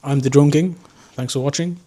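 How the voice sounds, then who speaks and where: A young drone vlogger from the North East, Geordie accent shading into southern English, rambles unscripted to camera and pokes fun at himself. His voice is on the high side with a dark tone, and he talks fairly quickly.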